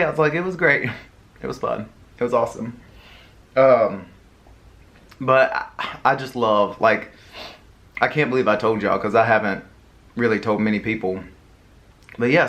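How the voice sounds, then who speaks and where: Young man, Southern accent, casual storytelling, rambling, middle pitch. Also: a bit bright. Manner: rambling, many fillers and restarts. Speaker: mukbang vlogger.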